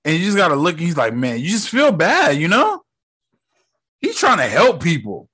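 A young man giving casual movie reaction commentary, animated and profane, with loud exclamations. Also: fairly high pitch, normal speed, breathy edge.

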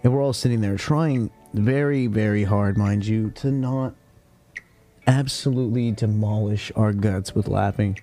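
Crude rambling young man with a low voice. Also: a little slow, mellow, faint music behind. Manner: rambling, crude slang, frequent "like" fillers. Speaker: podcast host. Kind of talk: casual storytelling rant.

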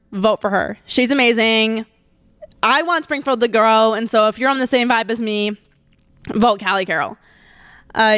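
A woman's voice: fairly high pitch, fairly bright tone, smooth, no echo, studio quality. A woman, hosting a solo podcast and chatting casually, gushing and laughing often. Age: 20s. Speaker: podcast host.

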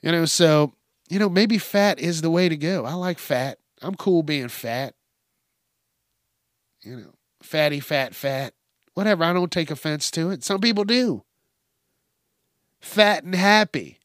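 Male comedy news host, profane, mocking, slow delivery, dry close sound. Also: on the high side, a bit bright, no echo. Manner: profane, mocking, laughs often.

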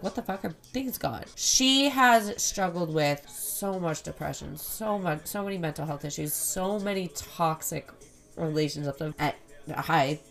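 Young woman host, low gravelly voice, casual rambling podcast chat with faint music behind. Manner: candid, swears a lot, rambling.

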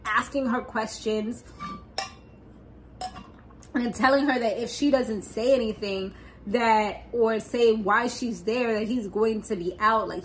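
A woman's voice: mid-range voice, slight background noise, rough recording. A young adult woman casually recapping a TV episode, chatty and laughing often, swearing and acting out what characters said. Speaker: podcast host recapping a TV episode.

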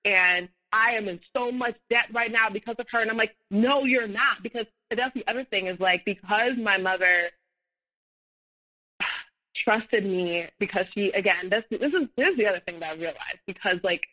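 Woman on a podcast, bright tense voice, lots of "like" and "um", restarts a lot, acts out what people said. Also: medium pitch, rough recording. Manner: rambling, many fillers and restarts; acts out quoted dialogue, rising when heated. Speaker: podcast guest. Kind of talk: personal storytelling in conversation.

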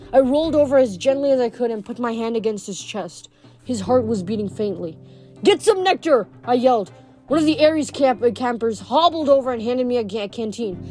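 A woman with a fairly high voice reads a novel aloud, steady and plain, now and then stumbling and correcting herself. Soft music sits faintly behind her. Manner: steady reading with small slips and self-corrections. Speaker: reader.

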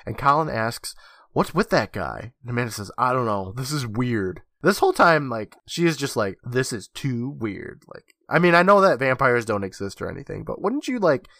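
A man's voice: mid-range voice, moderate pace, gravelly, no echo. Man recapping a show, very dry sound. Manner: animated retelling, acting out lines. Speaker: podcast co-host. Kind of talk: casual episode recap.

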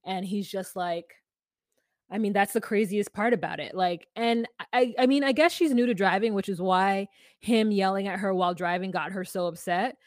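A woman's voice: medium pitch, moderate pace, no room sound, clean studio sound. A woman co-hosting a podcast, giving reflective, casual commentary on a reality show. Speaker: podcast co-host.

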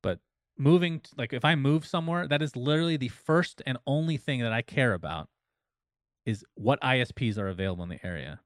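A man's voice: mid-range voice, expressive, a little fast, dry recording, clean studio sound. A man from Arizona on a casual stream chat, loose and joking.

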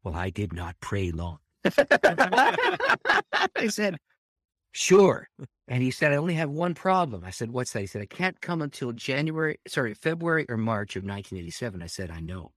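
A man, a pastor, telling a personal story with lots of laughter, dropping to a hush and then rising loud and excited. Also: medium pitch, moderate pace, dry recording, clean studio sound. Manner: animated storyteller, laughs often, swings between hushed and loud. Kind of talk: storytelling testimony.

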